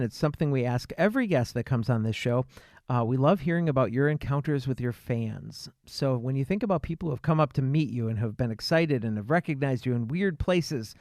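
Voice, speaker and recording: A man's voice: a little high, a little mellow, no room sound, clean studio sound. A man hosting a podcast, asking friendly questions and encouraging his guest. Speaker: podcast host. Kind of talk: casual interview chat.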